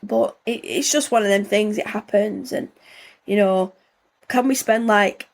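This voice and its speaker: A woman's voice: mid-range voice, measured pace, creaky. A woman, hosting a podcast in a casual, rambling chat with lots of fillers. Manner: chatty, rambling, many fillers like "like" and "you know". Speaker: podcast host.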